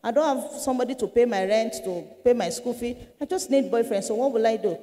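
A woman's voice: on the high side, fast talker, warm tone. A woman evangelist, telling her testimony earnestly and dramatically in a church hall. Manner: earnest storytelling, dramatic shifts. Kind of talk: testimony sermon.

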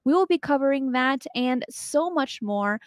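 A woman's voice: high-pitched, animated, a little slow, dry recording, studio quality. Upbeat woman hosting a live show. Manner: upbeat, chatty, greets the live chat. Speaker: show host. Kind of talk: casual live-stream talk show.

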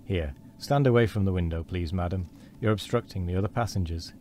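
A dismissive railway clerk brushes someone off in a storybook reading, voiced by a man. The voice is low and mellow. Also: brisk, slight background noise, lightly acted.

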